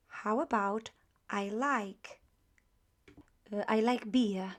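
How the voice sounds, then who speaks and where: A woman teacher at an unhurried pace, walking learners through drills with careful repetition. Her voice sits at an ordinary middle pitch, and each practice phrase is stressed and said twice. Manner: slow, patient, repeats drill phrases with emphasis. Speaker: language teacher. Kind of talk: grammar lesson with spoken drills.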